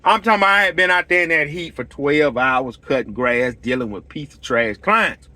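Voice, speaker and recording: A man's voice: fairly high pitch, moderate pace, bright, forceful tone, no room sound. A middle-aged man, ranting bluntly and heatedly to camera as a channel host, acting out conversations as he tells his stories. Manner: blunt, heated, repetitive storytelling with quoted dialogue. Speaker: lawn care business owner and channel host. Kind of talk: casual rant to camera.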